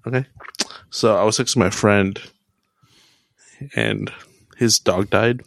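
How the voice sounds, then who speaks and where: Young male podcast co-host, lowish voice, rambling casual delivery, dry close recording. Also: steady tone, slow, creaky, no echo. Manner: rambling, lots of "like" fillers. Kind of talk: casual chat.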